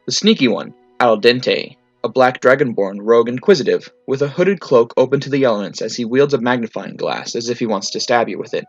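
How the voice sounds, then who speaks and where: A man reading tabletop game stories aloud in a clipped, matter-of-fact, deadpan way. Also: medium pitch, fairly quick, hardly any pauses. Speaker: narrator reading fan stories. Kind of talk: storytelling reading. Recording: slightly muffled, faint music.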